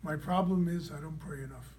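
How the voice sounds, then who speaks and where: A rabbi tells a personal story to his class, with a mellow, warm voice pitched slightly high for a man. He is animated and keeps checking in with his listeners. Faint noise sits under the recording. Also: fairly quick. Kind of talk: storytelling lecture.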